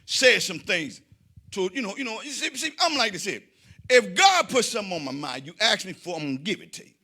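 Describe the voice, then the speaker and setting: A man working a comedy stage with a bright, cutting voice that sits high in the male range. He tells his stories by putting on the voices of everyone in them, jumping up and down in pitch and shouting the punchlines. Between bits he calls out to the audience and asks them questions. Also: a little fast. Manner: animated storytelling, acts out quoted voices, shouts punchlines; addresses the audience directly. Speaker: stand-up comedian. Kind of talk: stand-up comedy routine.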